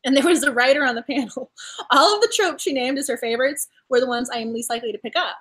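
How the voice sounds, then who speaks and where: A young woman hosts a casual book club discussion with a very high voice. She talks at a rapid clip, gushing effusively and laughing often between thoughts. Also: fairly bright tone, breathy edge. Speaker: booktuber host.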